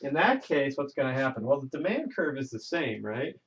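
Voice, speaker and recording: Gravelly, chatty male economics lecturer. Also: mid-range voice, sing-song, a little fast, a bit bright. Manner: chatty, folksy, checks in with "right?". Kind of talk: classroom lecture. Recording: lo-fi lecture recording.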